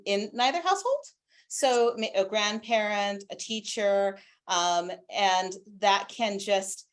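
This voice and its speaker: A woman guest expert on a video call from home, talking animatedly about parenting and sharing stories from her own family. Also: fairly high pitch. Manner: warm, animated, with anecdotes. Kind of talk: conversational expert answers.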